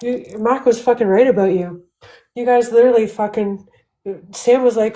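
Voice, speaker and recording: A woman with a mid-range, dark-toned voice speaks in a steady tone on a rough recording. Hosting her own livestream, she talks straight into her phone in a heated rant, venting angrily, swearing a lot, and restarting her sentences quickly.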